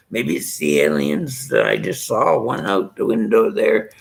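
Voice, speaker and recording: A man's voice: fairly low pitch, big pitch swings, moderate pace, gravelly, hardly any pauses. An older man with an Irish accent, rambling through an abrasive, jokey rant to his followers. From Ireland. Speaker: vlogger.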